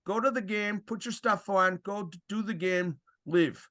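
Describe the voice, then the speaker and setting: With a high voice at a moderate pace, a former referee, now older, recounts stories in an easygoing podcast conversation. He chuckles a lot and dramatizes the back-and-forth he quotes.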